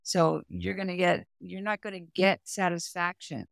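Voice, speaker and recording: A middle-aged woman, a performance coach and therapist, explaining her method in a podcast interview, with lively, hands-on explanations. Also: lowish voice, normal speed, gravelly, no echo, studio quality. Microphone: remote audio, no camera.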